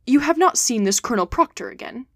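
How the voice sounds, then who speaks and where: Woman reading English gentleman, storybook, calm, formal, clipped, dry close sound. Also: on the high side, fast talker, no echo, pitched above the performer's own voice. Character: cool, reserved English gentleman traveller.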